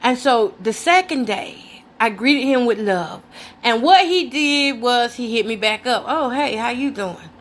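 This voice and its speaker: A woman with a notably high voice, middle-aged and talking straight into the camera. She tells her story candidly and casually, breaking into laughs and turning to her viewers like old friends. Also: unhurried. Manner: candid, chatty, addresses viewers directly; lively, laughs between lines. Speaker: host.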